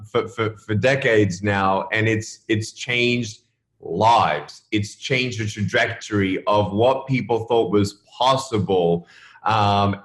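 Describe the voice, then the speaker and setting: A man's voice: fairly low pitch, roomy sound. A man hosting a casual interview, admiring and a bit hesitant, with fillers between phrases. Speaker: host.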